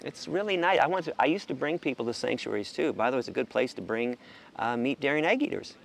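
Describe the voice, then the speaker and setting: A man's voice: medium pitch, lively intonation, fast, vocal fry, a little hiss or hum. A man speaking passionately about animal sanctuaries in a casual monologue, stammering into restarts and swearing now and then. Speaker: vegan animal rights advocate.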